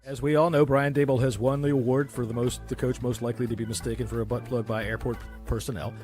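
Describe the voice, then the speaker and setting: A man's voice: medium pitch, flat delivery, fast, music in the background. A man hosting a podcast, telling crude jokes in a casual chat and laughing often. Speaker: podcast host.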